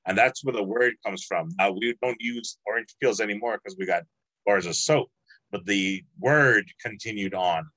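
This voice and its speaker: A man's voice: on the low side, normal speed, bright, forceful tone, dry recording, low-quality recording. A man teaching a language class over a video call, patient and encouraging, drawing out words as he explains.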